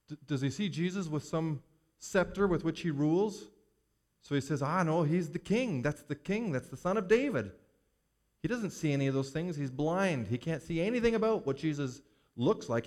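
A man's voice: a little high, a little mellow. A man preaching a sermon to his congregation, using rhetorical questions and acting out the words of Bible figures in short quoted lines. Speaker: pastor.

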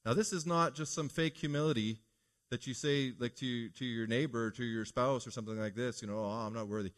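A man's voice: medium pitch, fairly even intonation, brisk. A man preaching a morning sermon as pastor, earnest and preacherly, putting rhetorical questions to his congregation.

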